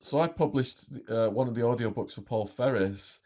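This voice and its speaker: A man's voice: mid-range voice, moderate pace, darkish tone. A man with a mid-range voice hosts an interview. He asks his guest direct, curious questions. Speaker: interviewer, podcast host.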